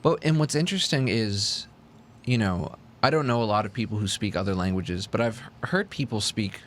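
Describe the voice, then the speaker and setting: A man's voice: lowish voice, normal speed, fairly bright tone. A young man co-hosting a podcast, chatting casually and rambling through his thoughts. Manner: chatty, rambling, puts on mock old-timey announcer voices. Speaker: podcast co-host. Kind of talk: casual chat.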